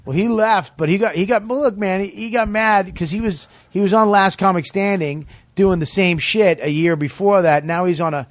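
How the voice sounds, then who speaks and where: Swearing comedian guy telling stories on a podcast, kinda high voice, dry close mic. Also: normal speed, few pauses, no room sound. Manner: profane, animated storyteller. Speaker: comedian guest. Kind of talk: casual podcast chat.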